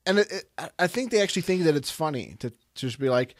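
A man's voice: on the high side, animated, fast talker, no room sound, studio quality. A man hosting a podcast in a loose, rambling way, restarting his sentences as he thinks. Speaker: podcast host. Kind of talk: casual podcast chat.

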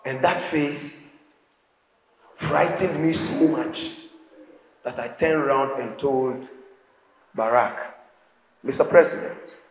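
A man with a Ghanaian accent giving an emphatic, repetitive speech to school students, often breaking into shouts. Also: medium pitch, slow pace, long pauses. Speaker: motivational speaker addressing students. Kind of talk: preaching-style speech to a school crowd. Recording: echoey hall with faint background noise.

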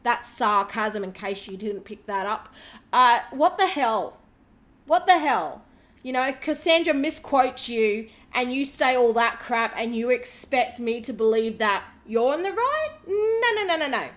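A woman's voice: a little high, lively intonation, measured pace, fairly bright tone. A woman hosting a reaction video, talking in a sarcastic, indignant way. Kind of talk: reaction commentary.

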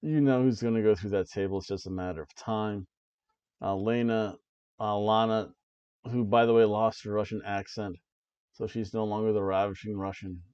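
A man's voice: fairly low pitch, clear, resonant tone, dry recording. A man hosting a wrestling review podcast, recapping the show in casual chat and laughing often as he goes. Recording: dull lo-fi dry recording.

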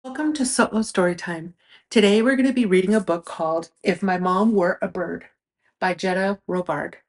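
A woman host reading picture books aloud to young children, gentle and clear, asking them little questions. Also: on the low side, moderate pace. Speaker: children's storybook reader and channel host.

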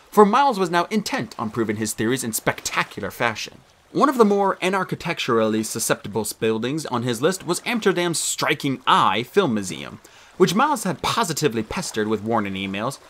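Male narrator, expressive audiobook reading, bright tone, very animated. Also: medium pitch.

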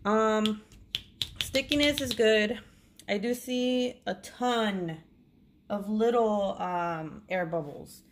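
A woman's voice: medium pitch, takes it slowly, a little hiss or hum. A woman in her thirties, a crafting vlogger, chatting casually and rambling through family stories while unboxing a kit. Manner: rambling storyteller, chatty, laughs often.

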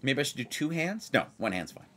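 A man hosting a blackjack video, chatting casually and excitedly as he plays. He repeats himself for emphasis and keeps talking straight to his viewers. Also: mid-range voice, fairly quick. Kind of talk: casual chat while playing blackjack.

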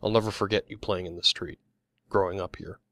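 A man's voice: sits low, steady tone, fairly quick, fairly bright tone, no echo, studio quality. A man voicing a scolding, motherly middle-aged woman who complains about the young people. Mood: scolding, wistful. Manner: complaining, fussy.

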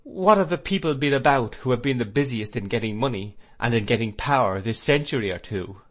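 A man's voice: medium pitch, animated, brisk, natural voice. A man voicing a shrewd, grave middle-aged male lawyer in a storybook reading, asking dry, pointed questions. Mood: sardonic.

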